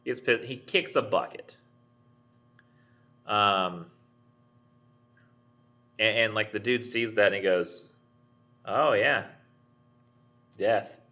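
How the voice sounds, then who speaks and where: A man's voice: lowish voice, slow pace, long pauses, sharp tone, highs cut off. A man giving a recorded online college lecture, rambling with many fillers and restarts. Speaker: college English instructor.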